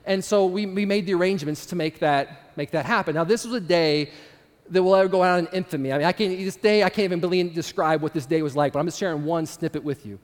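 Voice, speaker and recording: A man's voice: high-pitched, quick pace, long reverb tail. A man telling a personal story in a casual, conversational way, turning to the audience with asides. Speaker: speaker addressing an audience. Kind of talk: storytelling sermon.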